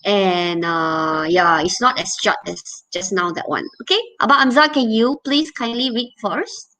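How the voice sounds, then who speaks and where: A woman's voice: mid-range voice, a little slow, sharp tone, low-quality recording. A woman teaching an online English revision lesson, explaining patiently and checking in often with "okay?" and "all right?".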